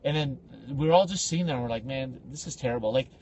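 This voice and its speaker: A man's voice: mid-range voice, fast talker, slight background noise. A young man co-hosting a podcast, telling a story in casual chat and acting out the voices of the people in it. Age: young adult. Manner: animated, acts out voices in his stories. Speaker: podcast co-host.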